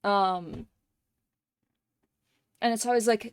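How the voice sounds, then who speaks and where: Slow-talking woman streamer, dry sound. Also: mid-range voice, no room sound. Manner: candid, profane, emotional. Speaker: livestream gamer. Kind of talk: casual chat while streaming a game.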